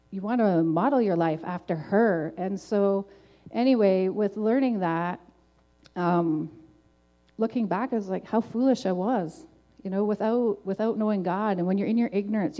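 Middle-aged woman, mellow tone, earnest chatty faith testimony, filler-heavy. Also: medium pitch. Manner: earnest, conversational, frequent "like" and "um". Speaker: testimony speaker.

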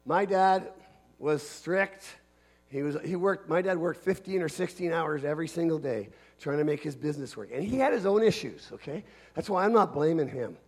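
A pastor from Canada preaching a sermon to his congregation, earnest and emphatic, leaning on repetition. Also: on the high side.

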